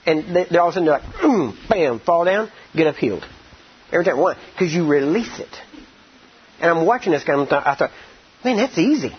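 A man preaching a sermon, rambling with many "I mean" and "you know", acting out quoted speech and slowing down to stress scripture. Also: on the high side, animated, slight background noise. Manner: slows down and stresses words when teaching scripture. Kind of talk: sermon with storytelling. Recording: dull lo-fi recording.

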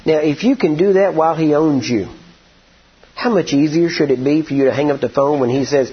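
Husky-voiced man preaching a sermon. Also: fairly high pitch, highs cut off. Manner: folksy, drawn-out storytelling, rising to emphatic declarations. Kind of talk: sermon with storytelling.

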